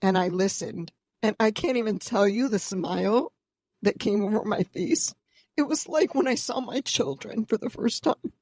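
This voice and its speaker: A woman's voice: medium pitch, normal speed, a little mellow, dry recording. A middle-aged woman co-hosting a podcast, talking openly and with emotion, close to tears. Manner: open, vulnerable and tearful. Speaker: podcast co-host. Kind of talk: emotional casual conversation.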